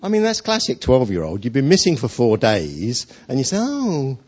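Casting: preacher man, chatty storyteller, husky voice with a lively lilt, dull lo-fi sound. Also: mid-range voice, fairly quick. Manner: conversational storytelling, with rhetorical questions. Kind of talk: sermon.

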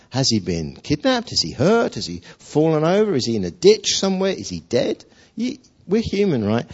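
Casting: preacher man, chatty storyteller, husky voice with a lively lilt, dull lo-fi sound. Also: a little high. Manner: conversational storytelling, with rhetorical questions. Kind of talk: sermon.

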